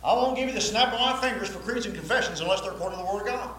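A man's voice: high-pitched, racing, fairly bright tone, a little hiss or hum. A man preaching a sermon to a Baptist congregation, emphatic and repetitive, often asking the listeners questions. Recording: very echoey hall, faint ambience.

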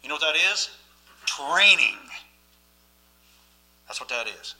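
A man's voice: a little high, big pitch swings, takes it slowly, vocal fry, bright, forceful tone, rough recording. A man preaching a sermon as pastor, emphatic and often asking the listeners questions.

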